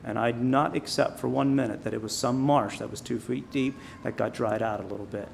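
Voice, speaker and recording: Gravelly preacher with emphatic rises. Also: male voice, mid-range voice, steady tone, slight background noise. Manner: emphatic, rising loud on key phrases, slowing on quiet points. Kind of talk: informal sermon.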